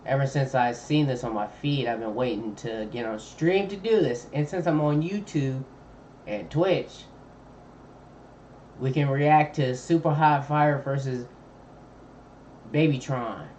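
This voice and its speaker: Un homme qui commente une vidéo en direct, avec un ton décontracté et un argot détendu. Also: male voice, medium pitch, measured pace, pauses often, a little mellow, slight background noise. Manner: laid-back slangy chatter, thinking aloud. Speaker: streamer. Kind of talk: casual live-stream reaction commentary. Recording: dull lo-fi mic with faint ambience.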